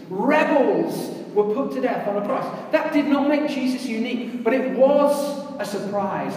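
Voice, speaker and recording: A woman's voice: fairly high pitch, darkish tone, a little hiss or hum. A woman preaching a sermon in a conversational way, putting questions to her listeners. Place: large church hall. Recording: very echoey hall, voice from far off.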